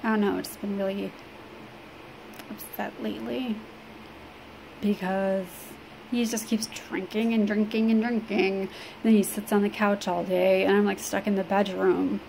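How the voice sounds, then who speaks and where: A woman from Illinois talks to the camera in a personal vlog, halting and rambling with many fillers. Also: medium pitch, gravelly, low-quality recording. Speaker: vlogger. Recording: steady background noise.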